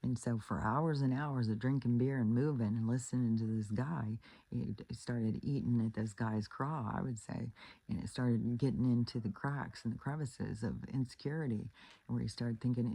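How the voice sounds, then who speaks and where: Woman, husky, gravelly, blunt, swears a lot, casual advice monologue, acts out quotes. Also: very deep voice, moderate pace, warm tone, dry recording. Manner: blunt and profane; retells stories with acted quotes. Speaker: relationship advice vlogger.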